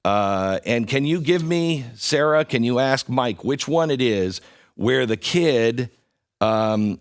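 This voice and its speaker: A man hosting a show, retelling what happened in video clips in animated commentary and acting out the quoted voices. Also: medium pitch, no room sound, studio quality. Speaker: show host.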